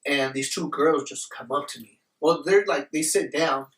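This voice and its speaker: A man's voice: on the high side, normal speed, far from the mic. A young man hosting a podcast, telling a rowdy story in a casual, profane way and acting out the people in it. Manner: animated, profane, quotes people in his story. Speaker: podcast host. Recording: echoey room, voice off-mic.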